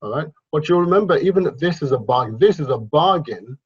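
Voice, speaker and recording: A man's voice: a little high, expressive, fast talker, slightly rough. A man, hosting a crypto investment channel and explaining charts in a rambling way, often repeating and correcting himself. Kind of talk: casual explainer at a drawing board. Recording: muffled lo-fi sound.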